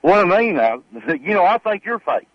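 A man calling in to a radio show, halting and full of hesitations. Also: high voice, very animated, dry recording, highs cut off. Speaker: caller. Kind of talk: call-in talk radio.

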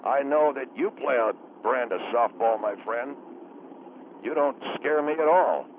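A man's voice: medium pitch, measured pace, pitched below the performer's own voice, close to an everyday voice. A man voicing an older male caller who rambles and hesitates with many "uh"s. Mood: defiant. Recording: tinny phone line with loud background noise.

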